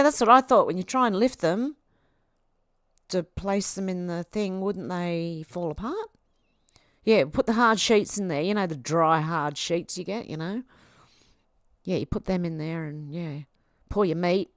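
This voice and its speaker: A woman's voice: lowish voice, no echo, clean studio sound. An Australian woman hosting a casual livestream, reading out viewer comments in a chatty, affectionate way and laughing often. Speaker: livestream host.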